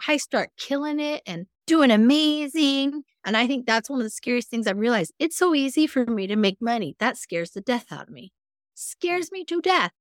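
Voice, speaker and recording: A woman guest on a podcast, a mindfulness coach, telling personal stories in a candid, earnest way with sudden jumps in pitch. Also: animated, moderate pace, few pauses, no room sound, studio quality. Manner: earnest, self-reflective. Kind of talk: casual interview conversation.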